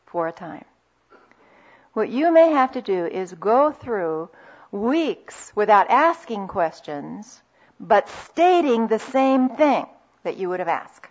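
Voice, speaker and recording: A woman giving a conversational Christian talk on marriage, telling anecdotes and dropping into soft asides. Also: medium pitch, lively intonation, unhurried. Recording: dull lo-fi recording.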